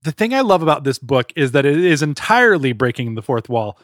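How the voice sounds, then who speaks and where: A man's voice: fairly high pitch, big pitch swings, brisk, no echo, studio quality. A man co-hosting a podcast in casual chat, talking in an enthusiastic, rambling way. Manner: enthusiastic, chatty, fond of tangents. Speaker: podcast co-host.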